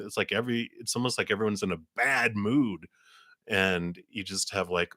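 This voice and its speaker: A very deep-voiced man gives a live tarot reading, his tone bright and forceful. He rambles through long, winding explanations full of fillers. The sound is close and dry. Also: fairly even intonation, normal speed, no room sound. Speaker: tarot reader.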